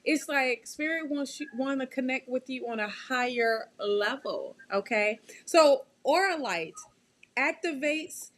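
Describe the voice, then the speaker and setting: A woman hosting a live tarot reading, chatty and quick to laugh, often checking in with her listeners. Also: high-pitched, fairly bright tone. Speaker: tarot reader and show host.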